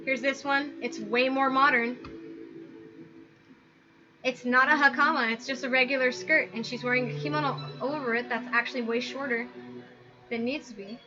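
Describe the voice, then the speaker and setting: A woman hosting a casual commentary video, talking through pictures in an animated, exasperated rant full of "like". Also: high voice, normal speed, pauses often. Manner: animated, exasperated ranting with frequent "like". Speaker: video host. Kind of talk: casual commentary over images. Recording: dull lo-fi sound with background music.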